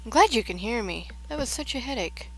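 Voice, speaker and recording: A woman's voice: fairly high pitch, expressive, brisk, a bit bright, husky, poor audio. A woman chatting casually on a game livestream, rambling and trailing off as she gives a tour of a build. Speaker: Minecraft livestreamer.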